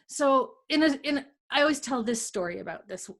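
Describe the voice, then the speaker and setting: A middle-aged woman with a notably high voice talks through ideas in a casual, conversational way. She acts out inner dialogue as she goes, animated and quick to laugh. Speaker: energy healer guest.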